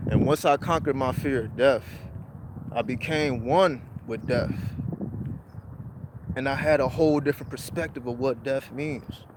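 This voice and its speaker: A man's voice: medium pitch, measured pace, background noise. A man hosting a livestream, telling a personal spiritual story in casual, profane street slang. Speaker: livestream host.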